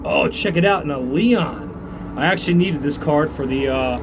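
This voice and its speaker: A man vlogging as he climbs a tall outdoor tower, out of breath, chatty and excited, recorded on a handheld phone. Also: fairly high pitch, normal speed, noisy background. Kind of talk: casual narration while climbing. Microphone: handheld phone camera.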